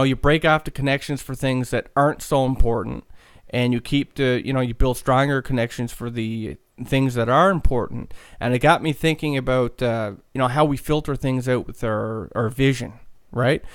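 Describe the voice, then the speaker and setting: A man's voice: medium pitch, clear, resonant tone, no room sound, studio quality. A man hosting a podcast, talking casually in a rambling way with many fillers and restarts. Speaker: podcast host.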